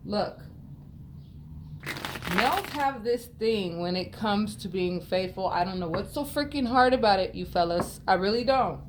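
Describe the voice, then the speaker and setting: A woman's voice: mid-range voice, animated, measured pace, background noise. A woman tarot reader talking straight to her viewers, blunt and emphatic, often acting out her exchanges with Spirit. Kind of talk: direct-to-camera spiritual talk.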